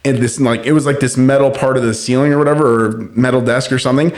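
A man's voice: mid-range voice, fairly even intonation, quick pace. A young man chatting casually on a podcast, rambling through a story with lots of fillers and frequent laughter. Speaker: podcast host.

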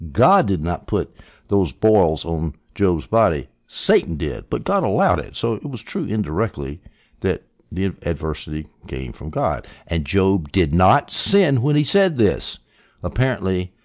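A man teaching a Bible passage as a preacher, animated, with sarcastic asides and swings between loud and hushed delivery. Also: sits low.

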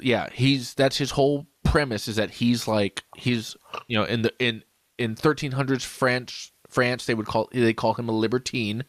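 A podcast co-host with a medium-pitched voice chats casually while drunk, rambling, laughing and hiccuping. There is no echo on the recording.

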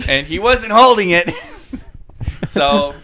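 A giggly man in a casual podcast chat. He talks slowly and haltingly with many fillers. His voice is bright, and his pitch moves a lot. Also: animated, slight background noise. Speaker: podcast co-host.

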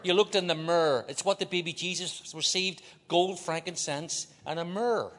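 Joking preacher in a big reverberant hall. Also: male voice, a little high, moderate pace, fairly bright tone. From Ireland. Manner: joking, leads the crowd in call-and-response. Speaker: guest preacher. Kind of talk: sermon. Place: large church.

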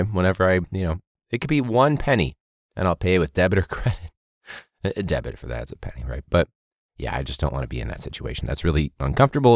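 A young man who is a teacher, hosting a podcast in a casual, animated monologue with quick impressions of students. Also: no echo, studio quality. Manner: animated, mimics students in high voices.

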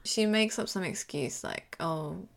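A British woman co-hosting a podcast, chatting casually and laughing often. She retells scenes in a lively, animated way. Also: lowish voice, measured pace, creaky. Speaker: podcast co-host. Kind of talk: casual chat.

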